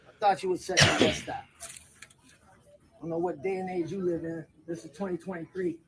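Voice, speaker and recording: A man's voice: high-pitched, steady tone, moderate pace, very noisy. Firm, confrontational man standing his ground. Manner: firm, confrontational, repeats himself. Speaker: father in a confrontation. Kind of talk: filmed confrontation and retelling.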